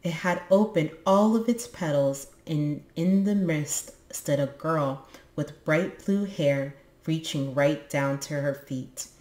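A woman's voice: low-pitched, takes it slowly, darkish tone. A woman reading a children's book aloud on her book channel, with casual, musing asides. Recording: echoey room.

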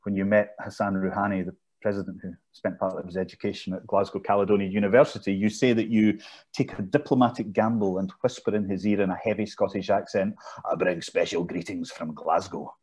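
A man's voice: on the low side, fairly even intonation, fast, darkish tone. A man interviewing a guest over a video call, asking friendly, probing questions with some hesitation. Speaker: interviewer, think-tank director.

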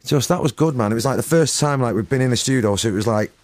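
A Manchester man from England, in his forties, chats as a musician guest in a casual interview, rambling and slangy and forever saying "you know what I mean." His voice is medium-pitched and a little mellow, and he talks fast. There's no echo on the recording.

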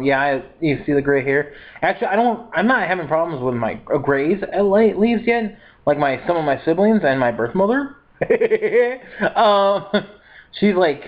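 A man in his twenties chats straight to camera with a fairly high voice, rambling from one thought to the next. He laughs often and drops plenty of filler words. The audio sounds a little dull and lo-fi. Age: 20s. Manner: rambling and upbeat, with frequent laughs and "like". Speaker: vlogger. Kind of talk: casual chat to camera.

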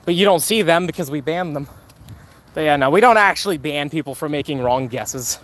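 A man's voice: on the high side, fairly quick, fairly bright tone. A man live-streaming a mobile game outdoors, chatting casually with viewers, joking and thanking donors.

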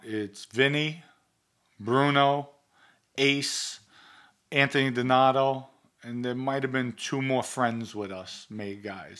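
A man's voice: medium pitch, a bit bright. A middle-aged man telling stories in a blunt, profane way, acting out both sides of old conversations. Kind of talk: casual storytelling.

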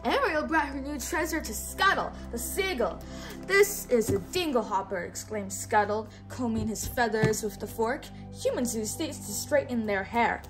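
A woman's voice: fairly high pitch, animated, moderate pace, hardly any pauses, over music. A young adult woman teacher reading a storybook aloud, patiently prompting a child to repeat words after her.

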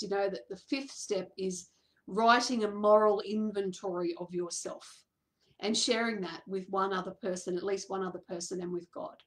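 A woman coach tells an audience a personal story with lots of energy, acting out the voices of people she quotes and laughing often. Her pitch sits in the middle range.

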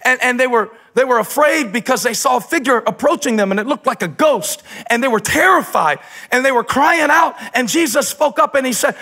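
A man preaching a sermon on a church stage, animated, shouting for emphasis and tossing in joking asides. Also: very high voice, fairly quick. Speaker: pastor.

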